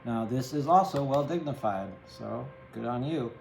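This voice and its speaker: A man talks through a tarot reading in an easy, rambling way, often checking in with the listener. His voice sits at a middle pitch and sounds roomy, with faint music underneath. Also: normal speed, vocal fry. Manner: chatty, empathetic, rambling with many "right?" tags. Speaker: tarot reader.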